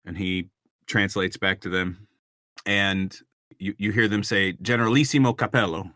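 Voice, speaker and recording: A man narrating a tabletop game, pausing on ums as he sets each scene. His voice is low but bright, recorded close and dry. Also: little pitch movement, dry recording. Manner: descriptive, with frequent ums and restarts. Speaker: game master.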